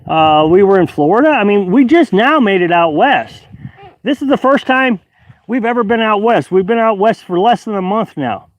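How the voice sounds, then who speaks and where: A man's voice: high voice, expressive, normal speed, dry recording, dull audio. A man hosting a casual outdoor live stream, reading chat aloud and rambling with many fillers and restarts. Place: outdoors at a high-altitude campsite.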